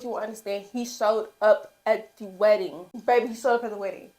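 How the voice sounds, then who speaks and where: A young woman chatting through a casual book review vlog, addressing her viewers directly. She talks with excitable, gushing energy and a middle-pitched voice. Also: fast, hardly any pauses. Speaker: book vlogger.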